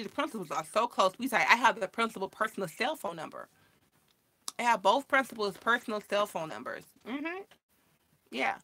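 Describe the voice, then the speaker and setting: A woman vlogger telling a story in casual chat, animated and acting out the voices of the people she quotes. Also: medium pitch.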